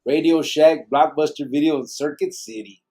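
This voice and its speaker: A man's voice: fairly high pitch, steady tone, normal speed, darkish tone, breathy edge. A man hosting a live podcast, chatting casually and reading out chat messages in a laid-back, slangy way that is full of swearing. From Arizona.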